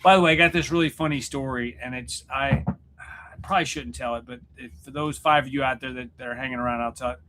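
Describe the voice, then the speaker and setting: A man's voice: medium pitch, fairly even intonation, fast, noisy background. A man hosting a casual livestream for his channel, chatting in a rambling, jokey way and often stopping to restart his sentences. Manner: rambling, self-interrupting, joking. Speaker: YouTube channel host and musician. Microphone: computer setup at home.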